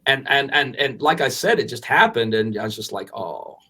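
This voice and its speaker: A man in his forties, co-hosting a podcast, telling a story in an animated, rambling way with restarts and casual swearing. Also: medium pitch, fairly quick, husky. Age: 40s. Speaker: podcast co-host.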